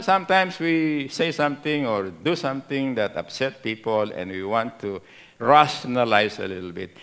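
A middle-aged male pastor with a Filipino Kapampangan accent, preaching a sermon, repeating key phrases slowly and asking the congregation for responses. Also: mid-range voice, fairly bright tone.

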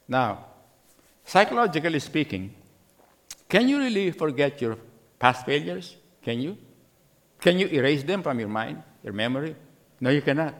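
A middle-aged man with a fairly high, slightly bright voice preaches as pastor. Along the way he poses many questions to the congregation and plays out the voices of scripture's characters.

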